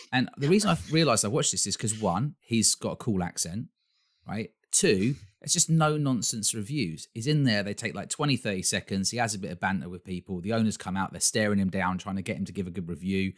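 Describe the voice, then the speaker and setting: A man co-hosting a podcast in casual chat, telling stories in a rambling, animated way with many restarts. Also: fairly low pitch, fairly quick. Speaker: podcast co-host.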